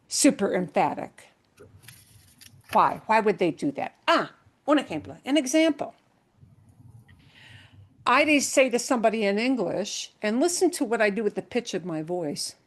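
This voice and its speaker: A woman's voice: mid-range voice, lively intonation, unhurried. A woman Spanish teacher explaining grammar to her class patiently, step by step, with everyday examples.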